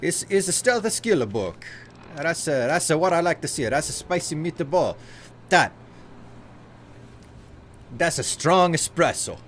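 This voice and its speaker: A man's voice: a little high, sing-song, measured pace, long pauses, fairly bright tone, slight background noise, voice pushed up. A man doing a hammy Italian barista. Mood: delighted. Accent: put-on Italian. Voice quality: exaggerated accent with "eh?" and "yeah?" tags. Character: boastful Italian male barista, hammy and excitable.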